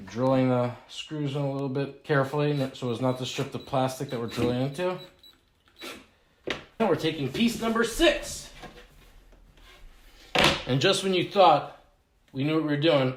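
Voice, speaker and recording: A young man hosting a do-it-yourself video, with a mock-serious, deadpan humor as he assembles a kit. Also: mid-range voice, roomy sound, noisy background. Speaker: realtor hosting a home renovation video. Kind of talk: joking do-it-yourself walkthrough.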